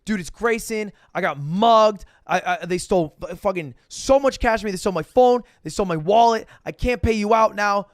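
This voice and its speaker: Man playing a nervous young excuse-maker, stammering and quick, dry close sound. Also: sits high, no echo, voice pushed up, natural voice. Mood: pleading. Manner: stammering, fast, pleading.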